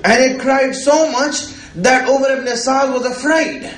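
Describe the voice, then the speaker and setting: A man's voice: very high-pitched, unhurried, fairly bright tone. A man preaching a religious sermon, repeating himself and asking "right?" as he goes. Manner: repetitive, rhetorical, often asks "right?". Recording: echoey room.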